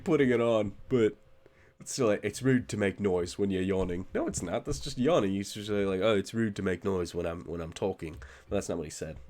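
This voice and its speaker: A man's voice: mid-range voice, darkish tone. Wry laughing man reacting on stream. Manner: laughs often, wry and sarcastic asides. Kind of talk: casual reaction commentary.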